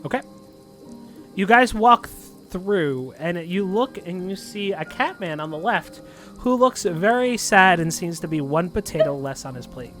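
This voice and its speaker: High bright-voiced male game master. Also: expressive, a little slow, soft background music. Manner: rambling, many fillers. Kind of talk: narrating a tabletop game.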